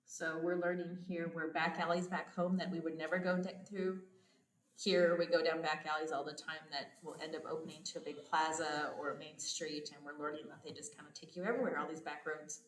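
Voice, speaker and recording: A woman's voice: low-pitched, flat delivery, fairly quick, a little hiss or hum. A woman hosting a podcast, chatting casually and telling stories with frequent laughter. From United States. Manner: chatty storytelling, laughs often. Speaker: podcast host. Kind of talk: casual chat. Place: home abroad, indoors. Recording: echoey room.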